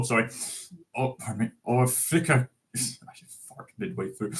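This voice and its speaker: A man's voice: medium pitch, slow, pauses often. A young man hosting a live stream, reading a Scots poem aloud with stumbles and laughs, then chatting casually with viewers. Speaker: host.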